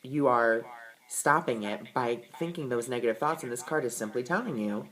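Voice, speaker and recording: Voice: mid-range voice, normal speed, fairly bright tone, poor audio. A person explaining oracle and tarot cards in a casual, earnest, reassuring way, often repeating words for emphasis. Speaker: tarot and oracle card reader. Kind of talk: casual explanatory talk to camera.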